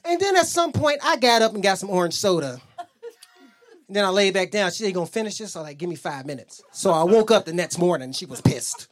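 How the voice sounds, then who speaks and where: Profane stand-up comic with lively pitch. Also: male voice, a little fast. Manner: profane, storytelling, acts out quotes, audience laughs. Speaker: stand-up comedian. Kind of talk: stand-up routine.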